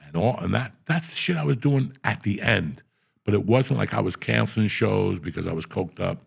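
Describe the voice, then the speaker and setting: A middle-aged man telling profane, animated stories on a podcast. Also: fairly low pitch, moderate pace, creaky, breathy edge. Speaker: podcast host. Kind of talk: casual storytelling.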